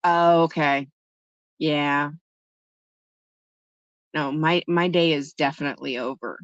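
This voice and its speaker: A woman's voice: low voice, fairly even intonation, slow, no echo. Woman live-stream host, casual and chatty, tells stories and answers her viewers; dry, muffled lo-fi recording. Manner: chatty storytelling, answering chat. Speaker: livestream host. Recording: dull lo-fi, dry sound.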